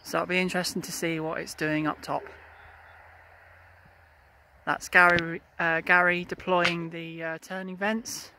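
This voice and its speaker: A balloon retrieve driver giving a casual running commentary outdoors, explaining each step with frequent pauses. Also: medium pitch, sharp tone, a little hiss or hum. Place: outdoors in a field and by a car.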